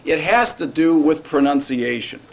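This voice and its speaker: A man gives a grammar lesson to students in a classroom. His voice sits a little high for a man, and his delivery is casual and conversational. He keeps checking that the class is following. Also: expressive, normal speed, slight background noise. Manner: casual, checks in often with "all right?" and "right?". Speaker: Hebrew grammar teacher. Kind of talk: classroom lecture.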